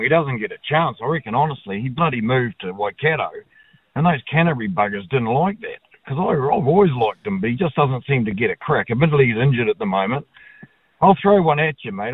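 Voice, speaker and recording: A man's voice: mid-range voice, slightly rough, no room sound. A blokey New Zealand man rings in to talkback radio and gives his opinion bluntly, with casual swearing. His voice comes down a tinny, phone-like line and sounds dry, with no room around it. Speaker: caller.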